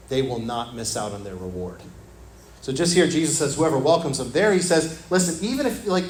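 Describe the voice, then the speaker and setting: Earnest male pastor in an echoey church. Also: a little hiss or hum. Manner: earnest, drops to a soft low voice on scripture, repeats phrases. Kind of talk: sermon. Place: church sanctuary. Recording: echoey church room with faint ambience.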